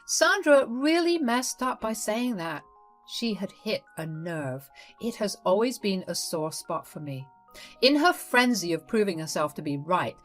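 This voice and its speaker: Animated woman narrating a family drama. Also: on the low side. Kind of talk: first-person story narration.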